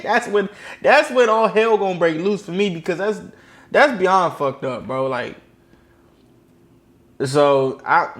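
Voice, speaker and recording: A man hosting a reaction video, talking bluntly and with heavy swearing as he comments on clips. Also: high-pitched. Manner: blunt, profane, animated.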